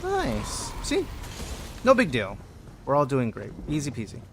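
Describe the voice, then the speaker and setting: Over background noise, a man streaming a group dungeon run chats and jokes with both his game and his viewers. His voice is medium-pitched and his pace measured, his manner animated and playful.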